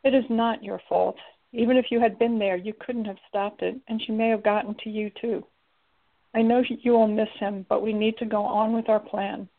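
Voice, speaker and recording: A woman's voice: mid-range voice, fairly even intonation, normal speed, vocal fry, lightly acted. A woman voicing a loyal, somber male companion who speaks solemnly and steadily. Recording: tinny lo-fi recording.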